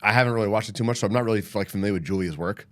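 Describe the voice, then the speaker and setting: A man's voice: on the low side, rapid-fire. A man co-hosting a wrestling podcast, telling stories and ranting in a profane, laughing way. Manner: animated storyteller, profane, laughing. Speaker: podcast co-host, former wrestler. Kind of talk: casual podcast chat. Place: studio.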